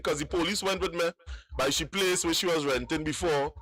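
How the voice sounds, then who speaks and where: A man's voice: a little high, normal speed, long pauses, sharp tone, slightly rough, no echo. Man, caller recounting a story, rambling, repeats himself, dry close sound. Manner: rambling, repeats words in Creole English. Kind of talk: telling a personal story.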